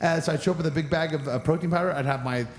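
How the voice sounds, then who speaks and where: A man's voice: fairly high pitch, rapid-fire, slight background noise. A man in his forties from Northern California, a wrestler telling stories as a podcast guest, rambling with many restarts, nursing an injured knee. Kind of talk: casual podcast interview.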